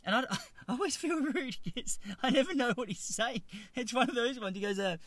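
A man's voice: very high voice, animated, fairly quick, few pauses, a bit bright, no echo. Rambling Australian man in his thirties. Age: 30s. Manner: rambling, self-deprecating, stumbling restarts. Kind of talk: comedic monologue.

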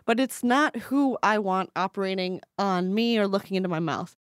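A woman co-hosting a podcast in casual chat, an animated storyteller who laughs often. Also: moderate pace, smooth, no room sound, studio quality. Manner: animated storyteller, acts out quotes in a high voice. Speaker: podcast co-host.

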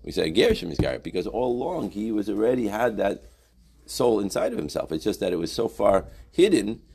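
A man's voice: fairly low pitch, sing-song, brisk, gravelly, a little mellow, breathy edge. A middle-aged man teaching a Torah class in a conversational way, reading Hebrew source lines and explaining them in English, often adding "right?".

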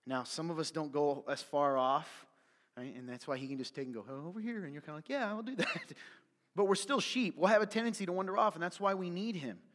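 A man preaching a sermon as pastor, fired up and yelling at times, then dropping to soft, confiding asides. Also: fairly high pitch, brisk, big-room sound.

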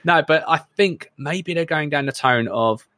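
Excitable sweary man. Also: fairly high pitch, a little slow, no echo. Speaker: podcast co-host. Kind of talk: casual film podcast chat.

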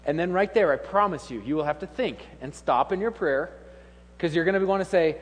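A man's voice: on the high side, fairly quick. A man in his thirties preaching a humorous, conversational sermon with laughing asides. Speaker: pastor. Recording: long hall reverb.

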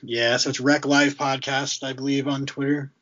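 A man's voice: medium pitch, level tone, moderate pace, fairly bright tone. A man hosting a podcast in easygoing casual chat, laughing along and wrapping up, on muffled lo-fi audio. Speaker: podcast host.

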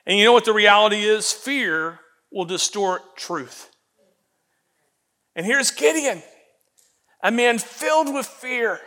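A man preaching a sermon as pastor, animated and acting out the voices he quotes, often repeating words as he goes. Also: high-pitched, slow pace, pauses often.

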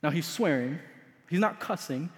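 A man preaching a sermon as pastor, telling a story dramatically, swinging between loud emphasis and hushed asides. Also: on the high side, lively intonation, moderate pace. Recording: long hall reverb.

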